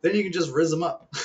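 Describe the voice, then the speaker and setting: With poor audio and a fairly high, somewhat bright voice, this man in his thirties vents to the camera in a loose, rambling way. He curses heavily and keeps cracking himself up, vlogger style.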